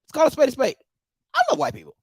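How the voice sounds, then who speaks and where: A man's voice: very high-pitched, huge pitch swings, very fast, gravelly, no room sound, clean studio sound. A man hosting a live talk show, giving emphatic commentary that repeats points and uses casual slang. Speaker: host.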